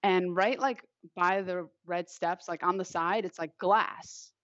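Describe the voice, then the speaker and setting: A woman's voice: fairly low pitch, fairly even intonation, slow, a bit bright, no echo. A young woman from Long Island tells a story from her own life in loose, chatty talk, full of "like" and "you know." The sound is muffled and lo-fi, with a dry, close feel and no room around her. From Long Island, New York. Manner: chatty, heavy use of "like" fillers. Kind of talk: casual personal storytelling. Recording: dull, lo-fi, dry recording.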